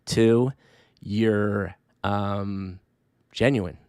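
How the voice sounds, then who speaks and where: A man's voice: on the low side, fairly even intonation, very slow, a little mellow, clean tone, no room sound, clean studio sound. A man hosting a podcast, giving earnest closing thoughts point by point, casual and a bit sweary. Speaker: podcast host.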